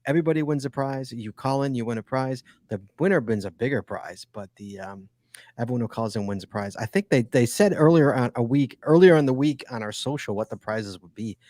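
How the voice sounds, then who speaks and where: A man's voice: medium pitch, animated, brisk, darkish tone, no echo, clean studio sound. A man co-hosting a casual podcast, chatty and teasing as he reads listener emails aloud. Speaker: podcast co-host.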